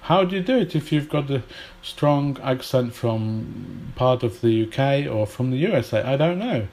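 A man teaching English in a relaxed spoken lesson, chatty and thinking aloud with fillers and restarts. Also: medium pitch, normal speed, vocal fry, low-quality recording.

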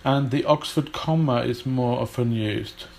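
A man gives a relaxed English lesson at an unhurried pace. His voice sits in an ordinary middle pitch, and he chats and thinks aloud, often pausing on fillers and restarting his sentences. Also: creaky, a little hiss or hum, low-quality recording. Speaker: English teacher. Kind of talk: casual spoken lesson.

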